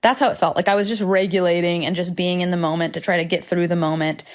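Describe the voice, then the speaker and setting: A woman's voice: on the low side, fairly even intonation, fast. A woman hosting a solo podcast from home, talking candidly and rambling with frequent swearing and self-deprecating asides. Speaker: podcast host. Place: home, indoors.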